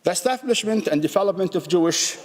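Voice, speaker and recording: A man with a somewhat high voice delivers a formal legal address, reading measured, deliberate sentences and often restarting a phrase. His voice rings out with a long reverb, as in a large formal courtroom hall. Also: animated, a little mellow. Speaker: state representative pleading before an international court. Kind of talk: formal legal address, read from a prepared text.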